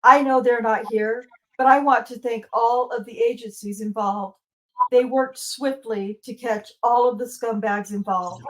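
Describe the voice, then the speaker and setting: A woman's voice: on the high side, steady tone, a little slow, fairly bright tone, rough recording. Grieving mother reading in court. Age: middle-aged. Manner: grieving, bitter, reads a prepared speech. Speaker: victim's mother giving impact statement. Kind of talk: courtroom victim impact statement.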